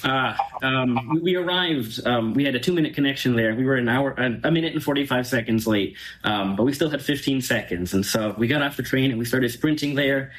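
A man's voice: mid-range voice, fairly quick, a bit bright, a little hiss or hum, low-quality recording. A young man as a radio interview guest, talking eagerly with frequent fillers. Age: young adult.

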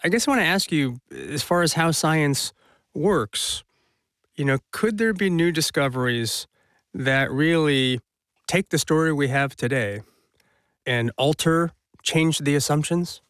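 A man's voice: on the high side, animated, a little slow, fairly bright tone, no echo, clean studio sound. Curious male radio host. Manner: conversational, curious questioner. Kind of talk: radio interview.

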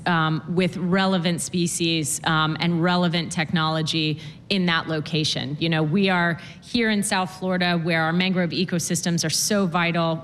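A woman's voice: fairly low pitch, big-room sound, a little hiss or hum. A woman guest on a live radio stage, answering with many fillers and restarts. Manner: halting with many fillers, laughing. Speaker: fish farm founder and guest. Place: stage of a performing arts center.

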